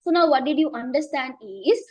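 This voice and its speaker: A woman teaching a chemistry lesson, repeating herself and often checking understanding, losing her voice and clearing her throat. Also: high-pitched, lively intonation, fairly quick, darkish tone. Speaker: chemistry tutor. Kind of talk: online class teaching.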